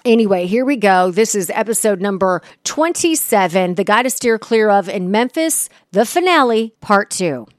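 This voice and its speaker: A woman's voice: medium pitch, expressive, normal speed, few pauses, no room sound, clean studio sound. A woman hosting a podcast who tells a personal story in a blunt, exasperated way and swears freely. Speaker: podcast host. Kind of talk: casual storytelling.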